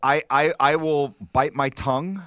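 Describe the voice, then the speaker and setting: A man's voice: on the high side, fairly even intonation, a little slow, a bit bright, clean tone, no echo. A man co-hosting a sports talk show on a studio mic, laughing often and poking fun at himself. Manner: laughs often, self-deprecating. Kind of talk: casual studio banter.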